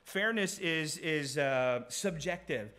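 A man's voice: a little high, lively intonation, takes it slowly, bright, forceful tone. A man preaching a sermon, earnest and conversational, repeating key phrases, with frequent restarts and short laughs, reading scripture aloud. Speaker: pastor.

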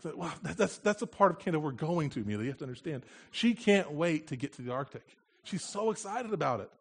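A man's voice: a little high, animated, fast, breathy edge. A man from the United States, a missionary preaching in a church, speaking in an earnest, plain-spoken way with touches of light humor. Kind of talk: conversational sermon.

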